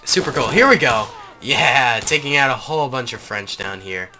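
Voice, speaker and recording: A man's voice: medium pitch, lively intonation, normal speed, pushed and bright, a little hiss or hum. A man hosting a gaming channel, giving enthusiastic, rambling gameplay commentary with frequent ums.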